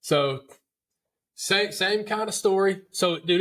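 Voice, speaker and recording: Speaking slowly in a high, slightly bright voice, a man hosts a podcast and spins a hunting story. His casual storytelling is chatty and folksy, full of repeated words and "dude" aimed at the listeners.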